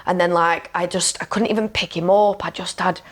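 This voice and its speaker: Frank woman with a lower voice. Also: steady tone, brisk. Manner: frank and emotional, with frequent "like" and "you know". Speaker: podcast guest, coach. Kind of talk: candid conversational storytelling.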